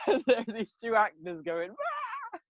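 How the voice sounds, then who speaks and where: Animated young man, lively pitch. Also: normal speed, no echo. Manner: animated, laughs often, mimics characters. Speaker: podcast co-host. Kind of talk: casual review chat.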